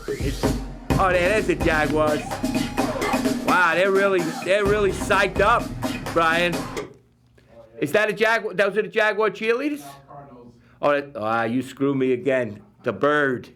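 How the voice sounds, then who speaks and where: A man with a New York accent hosting a live local-TV football picks show, rambling and jokey with sudden bursts of excitement. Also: sits high, measured pace, over music. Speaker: TV host. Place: community TV studio.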